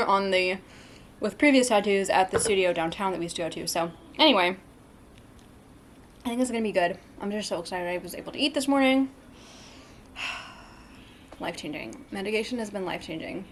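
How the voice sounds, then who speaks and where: A woman's voice: medium pitch, a little hiss or hum. A young woman in her twenties chatting casually to camera in a vlog, with frequent ums, sometimes talking with her mouth full. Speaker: vlogger.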